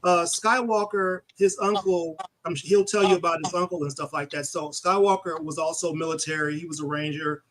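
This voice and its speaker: A man who grew up in Michigan, co-hosting a casual interview show and talking in a relaxed way, often repeating words as he starts. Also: fairly high pitch, normal speed, hardly any pauses, rough recording. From born Arkansas, raised Michigan, USA. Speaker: podcast co-host, military veteran.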